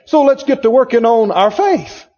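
A man's voice: very high voice, animated, normal speed, dark tone. A man preaching a sermon emphatically, repeating phrases and asking the congregation questions. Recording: dull lo-fi recording in a reverberant hall.

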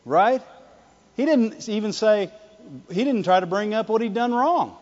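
A male preacher giving an animated sermon, swinging between loud declarations and hushed asides, often laughing and calling for the congregation's response. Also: high voice, unhurried. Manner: laughs often, calls for "Amen" and "Right". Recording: dull lo-fi sound with long hall reverb.

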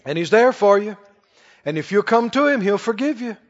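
A man's voice: high voice, expressive, moderate pace. A man preaching a sermon to a congregation, asking the audience questions as he goes. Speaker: pastor. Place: large church hall. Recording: dull reverberant church recording.

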